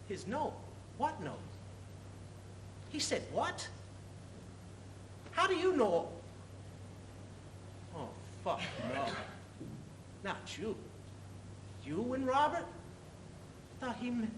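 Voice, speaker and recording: A man's voice: high-pitched, a bit bright, a little hiss or hum, full character voice. A man playing a rattled bartender who talks himself in circles, stammering and pleading as he keeps asking for the gun to be put down. His voice swings widely up and down, and it sounds echoey and distant, picked up from far off on a stage. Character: nervous male bartender facing a gun. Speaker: actor in a student stage play. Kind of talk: stage monologue.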